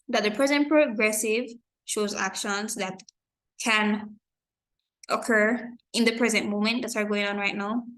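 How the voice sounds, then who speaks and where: A woman teaching an online grammar lesson, explaining slowly and carefully with example sentences and correcting her own slips. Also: mid-range voice, fairly bright tone. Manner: corrects herself and apologizes for slips.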